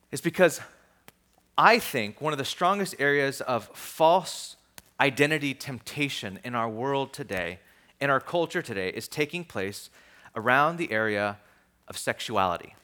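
A man preaching a sermon in a conversational, animated way, dropping to soft asides and rising to emphatic points. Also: medium pitch, moderate pace. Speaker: pastor.

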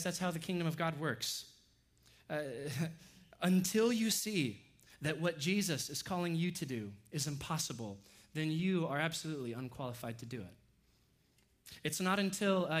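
A man preaching a sermon, animated and sarcastic as he acts out the disciples' lines. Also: a little high. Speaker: pastor.

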